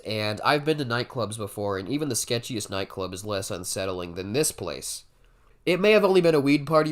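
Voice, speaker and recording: A man in his twenties telling a comic story in a casual, swearing storytime style, jumping suddenly from muttered asides to loud bursts. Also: mid-range voice, clear, resonant tone. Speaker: comedy storyteller. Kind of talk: comedic storytime monologue.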